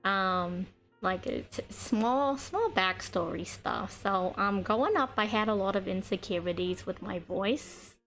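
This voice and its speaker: A woman streaming, chatting casually in a deliberately chosen voice, rambling with lots of fillers. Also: a bit bright. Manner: playful, with sudden high pitch jumps; uses a deliberately chosen put-on speaking voice. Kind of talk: casual chat to stream viewers. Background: faint background music.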